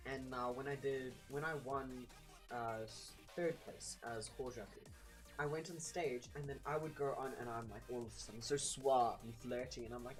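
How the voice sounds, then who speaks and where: A man's voice: medium pitch, normal speed, faint music behind. A man casually telling a rambling, sweary story and acting out the scenes. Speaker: cosplayer and channel host.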